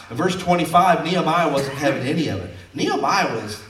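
A man's voice: on the high side, lively intonation, fairly quick, hardly any pauses, a bit bright, recorded from a distance, slight background noise. A man preaching a folksy, conversational sermon in a church, mixing scripture with personal stories. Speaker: pastor. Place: church sanctuary. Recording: roomy sound from off mic.

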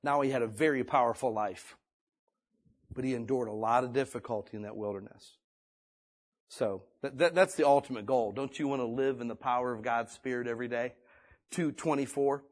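A man's voice: mid-range voice, a little fast. A male pastor preaching a conversational sermon, reading scripture and building to emphatic exhortation.

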